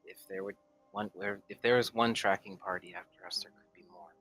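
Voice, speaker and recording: A cautious woman adventurer, as a man puts her on at a game table speaks quietly and haltingly in a low register. She sounds slightly distant from the mic. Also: steady tone, faint music behind, natural voice. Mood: tense.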